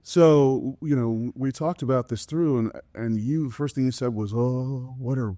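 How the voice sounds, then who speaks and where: Animated storytelling dad, dry close sound. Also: male voice, medium pitch, measured pace, no room sound. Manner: animated storyteller, acts out quoted voices. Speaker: podcast co-host, father. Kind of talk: casual storytelling chat.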